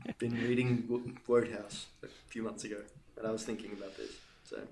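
A man's voice: on the low side, flat delivery, brisk, background noise. A man running a tabletop game as game master, narrating with frequent restarts and repeated words. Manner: hesitant, repeating words, self-deprecating.

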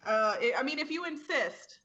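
A woman playing a bright, chatty adventurer. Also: high-pitched, lively intonation, moderate pace. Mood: friendly. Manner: chatty, hesitant, warm. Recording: lo-fi, dull.

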